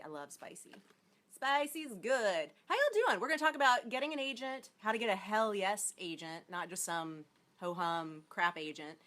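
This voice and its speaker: A woman's voice: fairly low pitch, sharp tone. A woman hosting a casual livestream as an acting coach, bubbly and chatty, greeting viewers by name as she talks. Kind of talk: casual live-stream chat.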